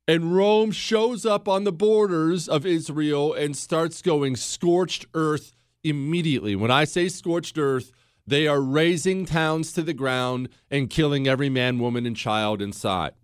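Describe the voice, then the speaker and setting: A man's voice: a little high, a little slow, clean tone, no room sound, clean studio sound. A man hosting a history podcast, telling the story in a casual, conversational way and talking straight to the listener with asides. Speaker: podcast host.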